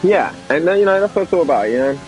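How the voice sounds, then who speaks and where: A man giving casual, excitable commentary on an esports racing league, talking to viewers. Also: a little high, rapid-fire, poor audio. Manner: excitable, chatty, addresses viewers as guys.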